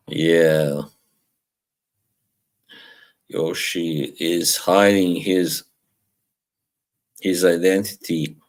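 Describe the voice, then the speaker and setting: A man's voice: sits low, extremely slow, pauses often. A man hosting a casual live stream, rambling, chuckling often and reading chat aloud from home.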